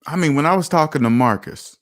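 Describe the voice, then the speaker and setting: A man's voice: on the high side, a little fast. A man hosting a finance livestream, emphatic and self-assured, talking casually and reacting to viewer comments. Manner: emphatic and self-assured, lively swings in loudness. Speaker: finance channel host. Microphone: streaming mic.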